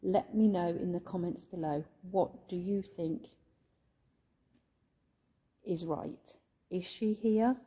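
A woman ghost hunting in a church, softly pleading and coaxing as she calls out to a spirit, at times emotional. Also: lowish voice, slow pace, long pauses, breathy edge. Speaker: ghost hunter vlogger. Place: inside a church.

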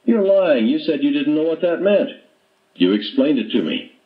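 A man's voice: on the high side, big pitch swings, moderate pace. A man doing a taunting teenage gunman. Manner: mocking, needling questions. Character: teenage boy gunman taunting his teacher. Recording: dull muffled audiobook playback.

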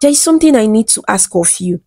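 A woman's voice: fairly high pitch, lively intonation, fast, darkish tone, husky, no echo. A woman voicing a pleading, tearful young wife.

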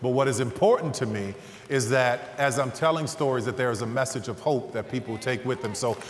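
A man preaching a sermon through humorous, animated personal stories. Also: medium pitch, brisk. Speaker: guest preacher. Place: large church hall stage. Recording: echoey hall, faint ambience.

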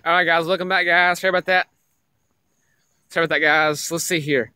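Excitable young man streaming a mobile game. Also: a little high, a little fast, clear, resonant tone, no room sound. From Tennessee. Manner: excitable, repeats himself, addresses chat as guys. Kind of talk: casual live-stream gaming chat.

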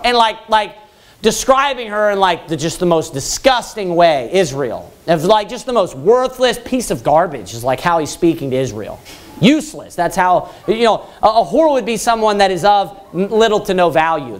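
A man with a very high voice preaching a fiery sermon, his pitch leaping around as he goes. He drags the scripture out in a loud preaching cadence, then rattles off quick casual asides between verses.

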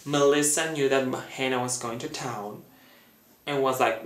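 A man talking through a fan theory in a chatty, dramatic way, acting out quotes in a high voice. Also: fairly even intonation, a little slow, echoey room. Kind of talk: casual fan theory talk.

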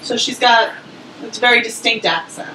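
A woman's voice: on the high side, normal speed, sharp tone, a little hiss or hum. A woman playing a curt, dismissive casting director in a comedy sketch. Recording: roomy, distant mic with faint ambience.

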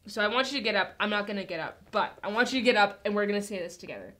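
A woman telling a Bible story to children in a chatty, animated way, speaking straight to a camera. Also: mid-range voice, very fast. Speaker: children's church teacher. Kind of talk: Bible story lesson for kids. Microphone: camera in front of her.

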